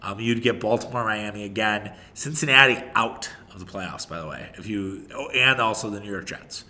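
A man's voice: lowish voice, normal speed, bright, forceful tone. A man hosting a casual solo sports podcast, rambling and opinionated, often restarting his sentences and swearing.

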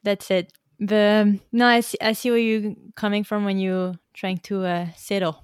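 A French woman in her thirties with a French accent, hosting a casual podcast chat and switching between French and English, chatty and quick to laugh. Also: medium pitch, level tone, clean tone. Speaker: podcast host.

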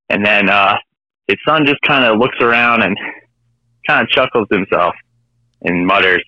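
Guy leaving a rambly joke voicemail, deepish voice, really bright tone, muffled lo-fi phone sound. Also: a little slow, long pauses, no room sound. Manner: rambling storyteller, chuckles at own punchline. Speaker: caller.

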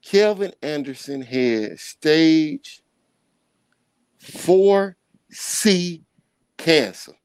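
A middle-aged man telling a personal story on a podcast in animated street slang, sometimes scatting sound effects. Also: on the high side, extremely slow, pauses often, clean tone, no room sound. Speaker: podcast guest. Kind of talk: casual storytelling.

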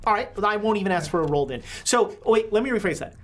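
A woman runs a tabletop horror game as its game master. Her voice moves up and down a lot as she describes the action and puts questions to the players. She laughs easily between her rulings. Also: medium pitch. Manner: animated, quick to laugh, asks players questions.

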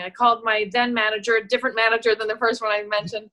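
A middle-aged actress telling stories in a casual interview, animated and laughing, acting out the voices she quotes. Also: on the high side, rapid-fire, poor audio. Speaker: actress and guest.

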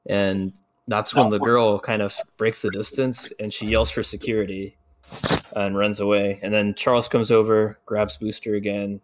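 A man's voice: on the low side, little pitch movement, moderate pace, a little hiss or hum. A man telling friends about a tense night in casual chat, blunt and swearing a lot. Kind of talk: casual storytelling among friends.

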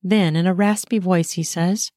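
A woman narrating an audio story in the first person, with a brisk, intimate telling. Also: lowish voice, fairly even intonation, darkish tone, no room sound, studio quality.

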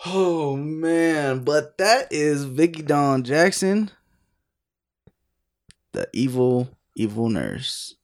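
Podcast co-host, male, unhurried delivery, profane and giggly casual chat. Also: on the high side, very animated. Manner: profane, laughing, storytelling.

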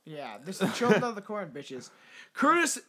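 High-voiced young man reading cases, swearing. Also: wildly swooping pitch, normal speed, pushed and bright. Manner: swears freely, stumbles and corrects himself, jokes. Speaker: podcast host. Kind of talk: casual podcast chat reading out cases.

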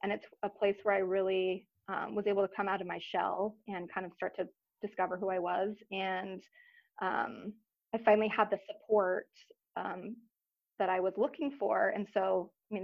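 Thirties woman opening up in an interview, soft and earnest, lots of pauses, middle-pitched voice, kinda dull lo-fi sound. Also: flat delivery, gravelly. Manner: earnest, reflective, soft-spoken with frequent pauses. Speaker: podcast guest. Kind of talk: personal story in a casual interview. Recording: slightly dull recording.

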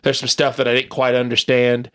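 A man's voice: medium pitch, monotone, a little fast, a bit bright, smooth. A man from the United States chatting casually on a podcast, rambling with lots of fillers and laughs. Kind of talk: casual chat.

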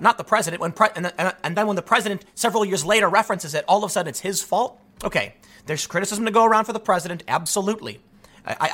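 A man delivering solo political commentary, talking in rapid bursts with frequent restarts. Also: sits high. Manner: animated, rapid-fire talk with frequent restarts.

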